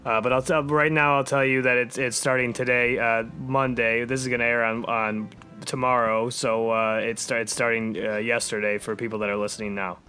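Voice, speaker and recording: A man co-hosting a comedy podcast who defends himself in halting explanations. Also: mid-range voice, little pitch movement, pushed and bright. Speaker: podcast co-host.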